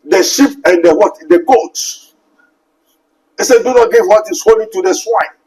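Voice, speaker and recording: Ghanaian male pastor, high voice, emphatic sermon delivery, rhetorical questions. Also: measured pace, darkish tone, low-quality recording. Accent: Ghanaian English. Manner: emphatic preaching with scripture quotes and rhetorical questions.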